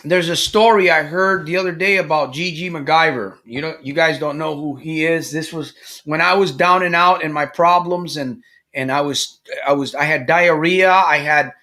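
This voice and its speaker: Animated man giving a motivational talk. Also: on the high side, normal speed. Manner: animated storytelling, acts out quoted characters. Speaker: problem gambling coach. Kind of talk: live-stream motivational talk.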